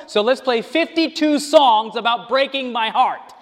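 A man delivers an animated sermon to a congregation in a high, lively voice and slips into other people's voices as he quotes them. His words ring out with a long reverb, as in a large church hall. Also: a little slow, few pauses. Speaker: preacher.

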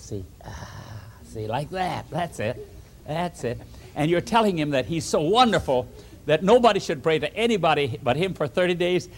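A man's voice: on the high side, a little hiss or hum. A man preaching by telling a Bible story to children, directing them as they act it out. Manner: animated, theatrical, directing children acting out the story.

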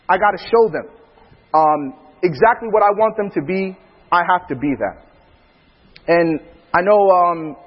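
A man with a high, husky voice tells stories about his family in an animated way, laughing often. He speaks as a preacher in a casual chat. The sound is dull, and a long reverb trails behind it. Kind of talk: storytelling in casual talk.

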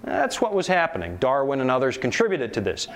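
A male preacher delivering a lively sermon, often asking his audience rhetorical questions. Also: medium pitch, a little fast. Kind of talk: sermon lecture to a live audience.

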